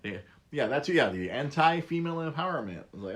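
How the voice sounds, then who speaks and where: A podcast host delivers a casual, rambling monologue, animated and fairly quick. His lively voice rises and falls a lot in pitch, and he keeps breaking off and restarting his sentences.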